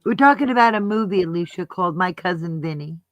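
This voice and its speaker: A woman's voice: fairly low pitch, animated, quick pace, dry recording, low-quality recording. A woman with a New Jersey accent, chatting and laughing often as she co-hosts a livestream. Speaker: livestream co-host. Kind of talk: casual chat.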